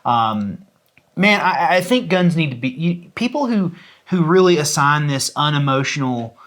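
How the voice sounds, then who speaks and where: A man talking casually as a guest, rambling with restarts and trailing off more quietly at the ends of his thoughts. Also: on the high side, sing-song, measured pace. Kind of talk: casual chat.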